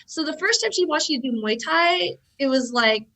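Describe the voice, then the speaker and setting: A young woman from California, a guest on a podcast, chatting casually and telling stories with lively acted-out voices. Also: high voice, moderate pace, rough recording. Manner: animated storyteller, acts out quoted voices. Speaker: podcast guest, jiu-jitsu athlete. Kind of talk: casual chat.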